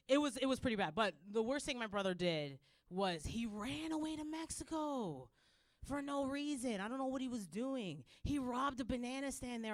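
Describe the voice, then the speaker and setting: A woman performing a stand-up comedy set, rambling and animated, with lots of "like". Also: fairly high pitch, no room sound. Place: comedy club stage.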